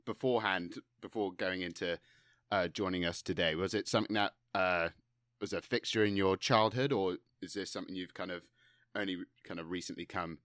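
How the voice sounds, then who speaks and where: A man's voice: low-pitched, a bit bright, dry recording, clean studio sound. A man from the UK co-hosting a podcast, laughing a lot and asking long, rambling questions. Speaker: podcast co-host. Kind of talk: casual chat.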